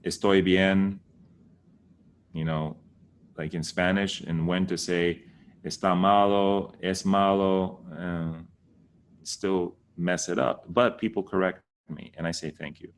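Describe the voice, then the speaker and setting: A man's voice: low voice, steady tone, takes it slowly, slight background noise. A man giving a casual lesson, patiently repeating words to correct how people say them. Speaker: teacher.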